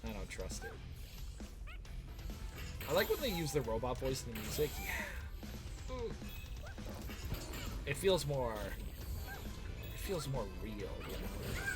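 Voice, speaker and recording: A man live-streaming a video game, reacting with excited yelps and exclamations. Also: medium pitch, takes it slowly, long pauses. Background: game music.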